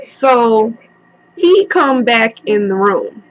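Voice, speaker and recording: Profane young woman telling a slow story. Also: on the high side, highs cut off. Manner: profane, animated. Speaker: vlogger. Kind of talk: casual storytelling.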